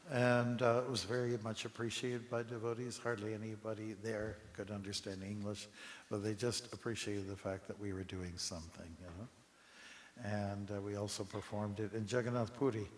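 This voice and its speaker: A man with a fairly low voice tells relaxed stories during a scripture class, chuckling now and then and checking in with his listeners. His voice rings out in a temple hall with a long reverb tail, and a faint hiss sits under the recording. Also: normal speed. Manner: relaxed storytelling with chuckles and asides to the audience. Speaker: monk giving a scripture class. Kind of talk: informal scripture class with anecdotes.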